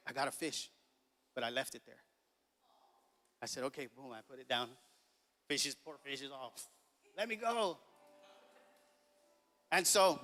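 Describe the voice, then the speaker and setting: Bright-voiced pastor man in a reverberant church. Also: high voice. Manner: casual, chuckling, acts out dialogue. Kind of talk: sermon with a storytelling anecdote. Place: church sanctuary. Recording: long reverb of a church hall.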